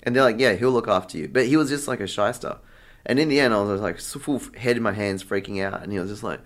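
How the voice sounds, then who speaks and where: A man's voice: lowish voice, fast talker. A young man being interviewed, chatting casually and acting out the exchanges in his story, with lots of fillers. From Australia. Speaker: interview guest, artist.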